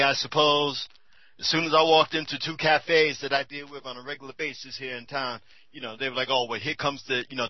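A man's voice: mid-range voice, no echo, muffled recording. A tired man talking candidly and casually, rambling with many fillers. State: tired and a bit high. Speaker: commentator on a talk show.

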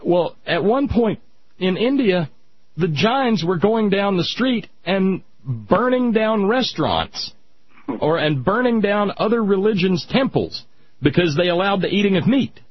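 A man hosting casual radio talk who rants loudly and slips into nerdy asides. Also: sits high, unhurried, breathy edge, dry recording. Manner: ranting, animated, nerdy asides. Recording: dull lo-fi radio sound.

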